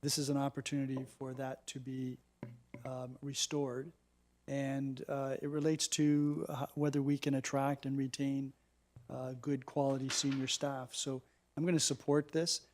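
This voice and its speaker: Flat-voiced man councillor, measured. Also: mid-range voice, a little hiss or hum. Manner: measured, hesitant, many fillers. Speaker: town councillor. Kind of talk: council meeting debate.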